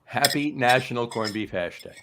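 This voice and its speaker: A man's voice: mid-range voice, normal speed, background noise. A man with a New Jersey accent hosting a casual chat show, telling stories with plenty of ums and uhs. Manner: rambling storyteller, lots of ums and uhs. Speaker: host.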